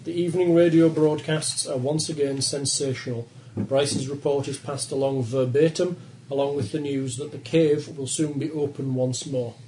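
A man narrates a tabletop horror game as game master in a measured, plain way. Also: medium pitch, steady tone, dark tone, slight background noise, low-quality recording.

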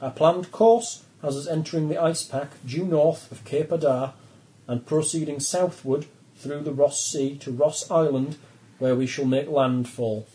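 A man's voice: fairly high pitch, fairly even intonation, a little slow, dark tone, natural voice, rough recording. A man voicing a professor leading a polar expedition, briefing the crew in a formal, lecturing way. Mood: measured.

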